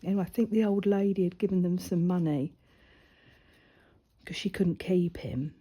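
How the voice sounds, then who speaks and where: A woman's voice: fairly low pitch, unhurried, warm tone, slightly rough. A woman, a mother with a grown daughter, chatting casually and rambling through a personal story while she colours, her voice often dropping to a near-whisper. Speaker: crafting vlogger.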